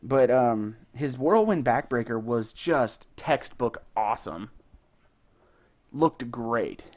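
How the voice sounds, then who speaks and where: A young man co-hosting a podcast, telling stories in a casual, excited and profane way. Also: mid-range voice, takes it slowly. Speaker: podcast co-host. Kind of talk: casual chat.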